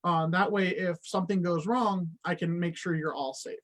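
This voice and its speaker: A man's voice: sits high, fairly even intonation, normal speed, fairly bright tone. A man on a guest spot, explaining water safety to kids in a friendly, plain way.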